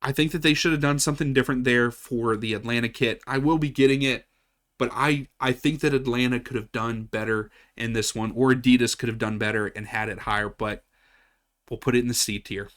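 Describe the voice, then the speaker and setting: A man's voice: medium pitch, steady tone, brisk, a bit bright. A man from West Virginia chatting casually as he ranks soccer kits, often repeating himself and restarting sentences. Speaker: soccer channel host. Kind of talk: casual tier-list commentary.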